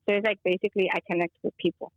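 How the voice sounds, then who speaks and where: A woman's voice: medium pitch, level tone, very fast, no room sound, phone-quality sound. A woman from Chicago, a guest calling in, telling a rambling story and slipping Spanish phrases into her talk. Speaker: guest, energy healer. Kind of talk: casual phone-in chat. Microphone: phone call.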